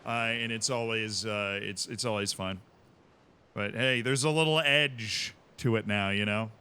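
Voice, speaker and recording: A man's voice: on the low side, steady tone, a little slow, pushed and bright, smooth. A man streaming a strategy game, chatting casually with his viewers in a self-mocking way over a headset mic. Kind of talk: livestream gaming commentary.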